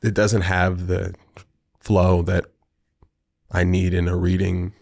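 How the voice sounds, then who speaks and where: A middle-aged man with a low, gravelly voice chats slowly in a casual video diary. He rambles playfully and talks to himself. The sound is dry and close. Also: level tone, darkish tone, dry recording. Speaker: host.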